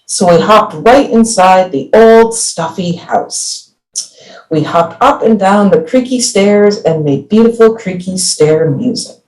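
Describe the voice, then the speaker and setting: A woman reading a children's picture book aloud at a library, lively storytelling and voicing each animal. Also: medium pitch, slow pace. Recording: distant from the mic.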